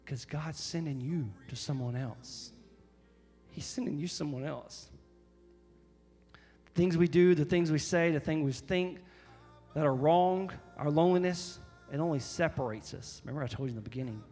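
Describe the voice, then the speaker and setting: A man preaching a sermon as pastor, emphatic and repetitive, often rising to loud, high exhortation. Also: moderate pace, breathy edge, big-room sound, soft background music.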